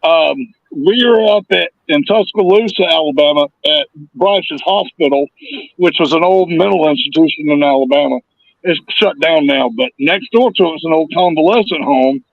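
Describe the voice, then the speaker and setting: A man co-hosting a podcast, telling anecdotes in a relaxed, chatty way. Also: fairly high pitch, vocal fry, no room sound, muffled recording. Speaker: podcast co-host. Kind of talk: casual chat.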